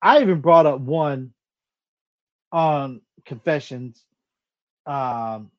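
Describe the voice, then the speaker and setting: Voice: medium pitch, drawn-out words, highs cut off. A podcast co-host telling a childhood story in casual chat, acting out the quoted dialogue and laughing at themself. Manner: animated retelling, acts out quoted dialogue, laughs at self.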